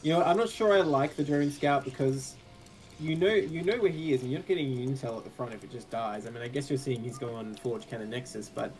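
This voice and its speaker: A man's voice: mid-range voice, brisk, darkish tone, soft background music, poor audio. Joking Australian man casting a game. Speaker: esports caster. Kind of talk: casual game commentary.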